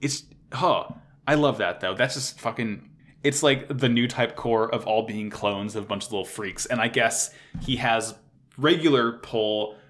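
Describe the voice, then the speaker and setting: Excitable, profane male podcast co-host. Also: mid-range voice, a little slow. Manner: profane, excitable, voices characters loosely. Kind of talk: casual anime recap chat.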